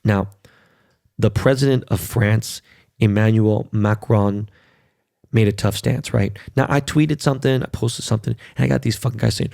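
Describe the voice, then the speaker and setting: A man's voice: lowish voice, normal speed, creaky, warm tone, dry recording, clean studio sound. A middle-aged man hosting a podcast, ranting in a casual, profane and emphatic way. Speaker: podcast host. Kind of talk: casual monologue.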